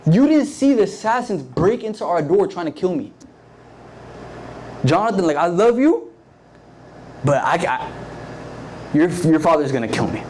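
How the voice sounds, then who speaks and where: A man's voice: sits high, sing-song, moderate pace, long pauses, a little mellow, slight background noise, voice pushed up. A man acting out a frightened young man on the run, pleading in casual slang during a sermon story. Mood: desperate. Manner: anguished, rising pleas in casual slang.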